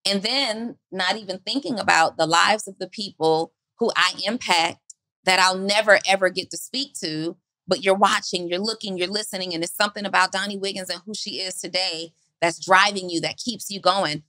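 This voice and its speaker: A woman's voice: medium pitch, normal speed, pushed and bright, dry recording. A woman co-hosting a podcast, talking earnestly about not quitting and repeating her questions for emphasis. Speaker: podcast co-host. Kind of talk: motivational podcast talk.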